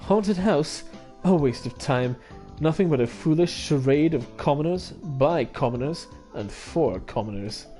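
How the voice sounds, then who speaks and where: A man's voice: a little high, lively intonation, measured pace, mellow, faint music behind. Man putting on a pompous aristocrat bird. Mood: scornful. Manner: pompous, formal, disdainful. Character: haughty aristocratic young male bird student. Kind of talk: voicing a visual novel on stream.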